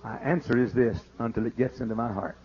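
A man preaching a fiery sermon as pastor, exclaiming and shouting praise. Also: medium pitch, steady tone, brisk. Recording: dull lo-fi archive sermon tape.

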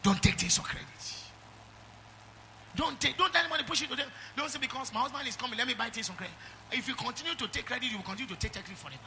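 Very high-pitched, animated and very fast, a middle-aged Nigerian-accented pastor preaches with a bright, forceful tone over slight background noise. He emphatically calls the congregation for amens in call-and-response fashion.

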